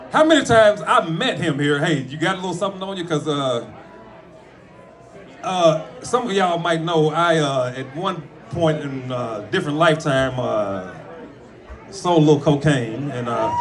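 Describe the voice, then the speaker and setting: A man, a comedian, speaking at a friend's memorial, mixing funny stories with tribute, animated and profane, with sudden shouts. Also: fairly high pitch. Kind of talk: storytelling eulogy with jokes. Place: room with a gathered audience.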